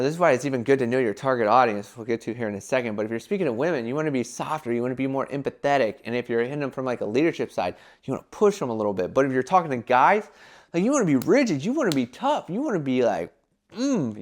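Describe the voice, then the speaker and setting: A young man giving casual business advice in a vlog, talking animatedly and filling his talk with "like" and quick acted-out quotes. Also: fairly high pitch. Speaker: entrepreneur giving brand advice.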